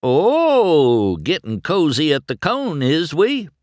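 Reading a storybook aloud, a man takes on a full character voice as a goofy, boastful country tow truck who teases in a folksy, sing-song drawl. He pitches it above his natural medium voice, swooping wildly at a slow pace with a fairly bright tone. The studio-quality recording has no echo.

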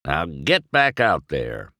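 A man doing Doc Hudson, a gruff old race car. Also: wildly swooping pitch, slow pace, bright, forceful tone, no room sound, clean studio sound, heavily acted. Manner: growling, rumbling.

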